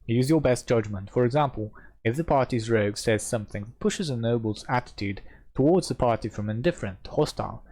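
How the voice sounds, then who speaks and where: Brief: male host, mid-pitched, reads rule text steadily, chats between passages. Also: fairly quick, darkish tone. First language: Polish. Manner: reads rule text steadily, then gives loose, self-doubting asides. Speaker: host reading a game rulebook aloud. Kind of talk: rulebook readalong with commentary.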